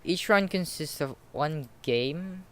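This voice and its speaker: Un hombre haciendo de chico empollón que explica despacio. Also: male voice, on the high side, expressive, voice pushed up. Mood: explaining. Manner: slow, deliberate explaining. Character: nerdy teenage boy explaining rules. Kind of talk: reading a visual novel aloud.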